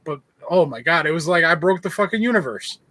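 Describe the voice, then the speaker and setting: A man's voice: a little high, expressive, brisk, sharp tone, dry recording. A man co-hosting a podcast, chatting casually and telling a story with loose, stammering restarts. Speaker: podcast co-host. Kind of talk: casual chat.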